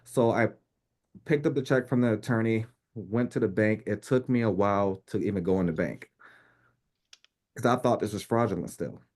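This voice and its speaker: Animated New York man telling a story. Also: on the low side, normal speed. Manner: animated, laughs often, acts out quoted speech. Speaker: podcast guest. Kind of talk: casual storytelling.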